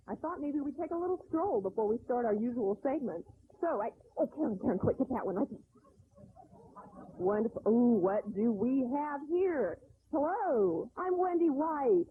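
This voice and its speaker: A woman's voice: fairly high pitch, expressive, moderate pace, lightly acted. A woman playing a perky, gushing host of a silly TV segment. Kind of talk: sketch comedy TV segment. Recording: lo-fi broadcast audio, faint hiss.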